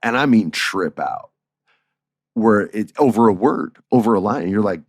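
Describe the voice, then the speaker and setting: Deep-voiced man telling stories. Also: moderate pace, no echo, clean studio sound. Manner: animated, chuckles while telling stories, acts out quoted dialogue. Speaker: podcast host. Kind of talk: casual storytelling.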